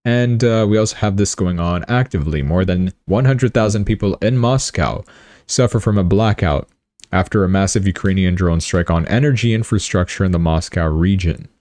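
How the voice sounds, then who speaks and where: Male livestream host, deep and mellow, casual rambling commentary. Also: normal speed, no echo. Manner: chatty, rambling, joking asides.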